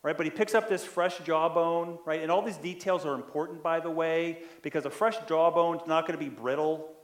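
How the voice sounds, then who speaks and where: A man preaching a sermon in a conversational way, often checking in with the listeners, and growing louder when he stresses a point. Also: a little high, brisk, reverberant. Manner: conversational, keeps asking "right?"; animated, builds in loudness when stressing a point. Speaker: pastor.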